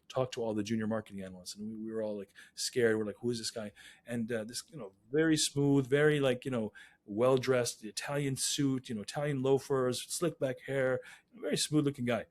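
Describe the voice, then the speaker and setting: A male physician, a guest in an interview, telling stories in an animated, emphatic way. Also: mid-range voice. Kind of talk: interview storytelling.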